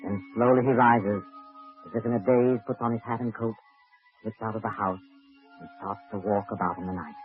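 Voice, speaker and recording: A man's voice: fairly low pitch, steady tone, a little fast, phone-quality sound, faint music behind, close to an everyday voice. A man playing an ominous, all-knowing narrator in 1940s radio narration on an old broadcast. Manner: sinister, knowing.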